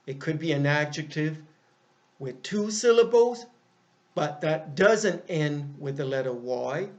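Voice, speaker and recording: A man teaching an English grammar lesson, speaking deliberately and repeating each example. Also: fairly high pitch. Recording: dull lo-fi sound.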